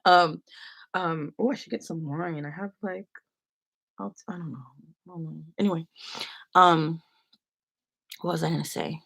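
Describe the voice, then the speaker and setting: Young woman, lowish voice, chatty rambling livestream host. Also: normal speed, vocal fry, long pauses, a bit bright. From San Francisco. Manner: chatty, rambling, many fillers. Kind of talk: casual storytelling chat.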